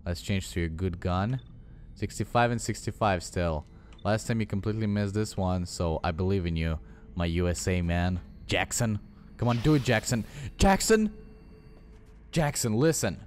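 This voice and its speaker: A man's voice: low-pitched, moderate pace, darkish tone, slight background noise. A young man commentating his own gameplay, swearing a lot and scolding his game units. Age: young adult. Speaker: gaming channel host. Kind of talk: let's play commentary.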